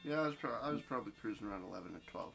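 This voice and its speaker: A man's voice: lowish voice, animated, racing, gravelly. A young man co-hosting a podcast in laid-back, profane, agreeable chat. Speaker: podcast co-host. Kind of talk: casual chat. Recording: music playing behind.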